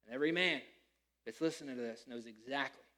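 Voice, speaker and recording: A man preaching a sermon as pastor, animated and acting out the people he quotes. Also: mid-range voice, fast talker.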